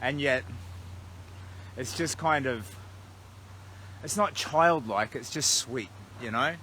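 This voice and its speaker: A charity walker with an Australian accent rambles casually on a night-time livestream outside a roadside motel, phone at arm's length. He speaks slowly in a mid-range, sharp-toned voice, chatty and self-deprecating, with a bit of background noise.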